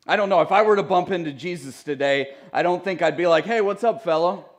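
A man's voice: fairly high pitch, quick pace. Conversational man preaching a sermon. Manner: conversational, joking asides to the congregation. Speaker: pastor. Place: church sanctuary.

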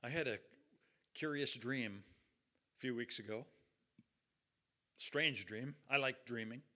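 Middle-aged guy preaching, chatty storytelling, bright voice. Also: medium pitch, slow. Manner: folksy, conversational, acts out quotes. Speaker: pastor. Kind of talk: storytelling sermon.

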